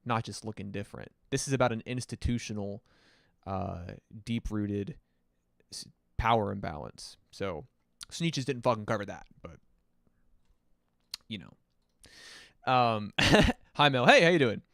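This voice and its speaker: A man hosting a livestream, reviewing music submissions in a loose, rambling way, swearing often and filling pauses with ums and uhs. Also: on the low side, expressive, vocal fry, fairly bright tone, no echo, clean studio sound. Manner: loose, rambling and profane, many fillers. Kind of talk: casual livestream commentary.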